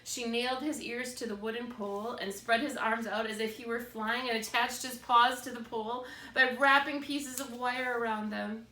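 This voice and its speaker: A woman narrating a children's book in a steady, expressive read-aloud. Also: fairly high pitch, normal speed, few pauses. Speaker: storybook reader. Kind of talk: scripted narration. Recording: roomy, distant mic, faint background noise.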